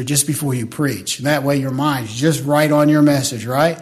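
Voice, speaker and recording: A man's voice: a little high, normal speed, few pauses. A man preaching a sermon as a pastor. He tells folksy stories, asks the congregation to agree with him, and builds to emphatic preaching.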